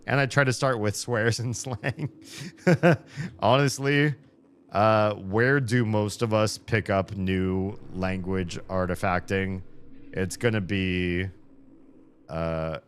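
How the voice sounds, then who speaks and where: Deep american guy rambling on stream, thoughtful and earnest, chill chatty vibe. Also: steady tone, takes it slowly, slight background noise. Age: adult with children. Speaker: live streamer. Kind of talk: casual chat on stream.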